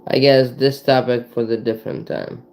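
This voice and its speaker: A man vlogging in a casual monologue, halting and rambling, searching for words with many fillers and restarts. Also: mid-range voice, little pitch movement, a little mellow, rough recording.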